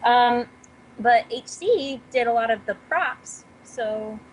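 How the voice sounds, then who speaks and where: A woman's voice: a little high, slow, slight background noise, rough recording. A woman from the production crew answering in a casual online interview, in a hesitant way with fillers.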